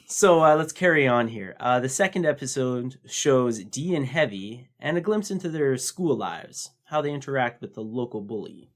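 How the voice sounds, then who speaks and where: A man co-hosting a podcast, telling a story in a relaxed, halting way with many fillers. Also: mid-range voice. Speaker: podcast co-host. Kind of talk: casual chat.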